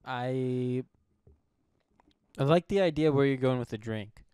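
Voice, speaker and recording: A man's voice: medium pitch, a little slow, mellow, clear, resonant tone, no echo. A man co-hosting a movie review podcast, chatting casually and joking, often laughing. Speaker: podcast co-host.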